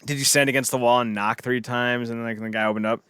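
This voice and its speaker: A man co-hosting a podcast in casual chat, animated and riffing with silly voices between laughs. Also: mid-range voice, fast talker, clean tone, no room sound, clean studio sound. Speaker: podcast co-host.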